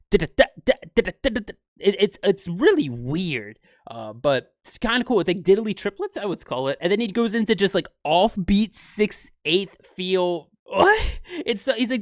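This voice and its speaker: A man hosting a casual music breakdown, excitably scatting rhythms aloud as he explains them. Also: high voice, no room sound, studio quality. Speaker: music reaction host.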